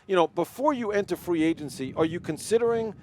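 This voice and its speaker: A man's voice: high voice, lively intonation, warm tone, a little hiss or hum. A man hosting a sports radio show, asking long questions and teasing his guest. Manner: fast, joking, teasing. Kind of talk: radio interview.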